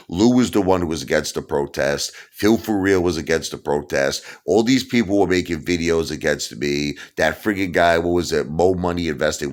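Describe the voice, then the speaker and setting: A man in his fifties with a Brooklyn accent, ranting loudly and heatedly in a vlog monologue, breaking into shouts. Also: a bass voice. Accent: Brooklyn New York. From Brooklyn, New York. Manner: loud, heated, bursts into shouting. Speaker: YouTube vlogger.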